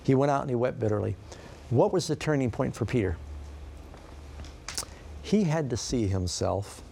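Mellow-voiced man preaching a sermon. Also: mid-range voice, a little hiss or hum. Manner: conversational storytelling, asks the audience questions. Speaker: pastor.

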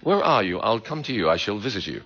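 A man's voice: lowish voice, very animated, fast, fairly bright tone, slightly rough, dull audio, voice pushed down, full character voice. A man voicing a polite older British pastor who speaks formally and courteously, with a British accent.

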